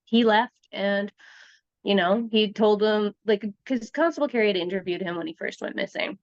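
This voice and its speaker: A woman's voice: mid-range voice, normal speed, no echo, dull audio. A woman guest, a researcher and writer from Canada, retelling a true crime case in casual conversation and acting out the quoted lines.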